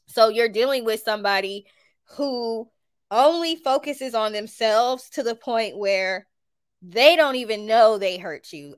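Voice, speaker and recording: A woman's voice: on the high side, lively intonation, measured pace, dry recording. A woman with a Southern US accent giving a tarot reading to viewers, talking emphatically and repeating her points. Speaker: tarot reader.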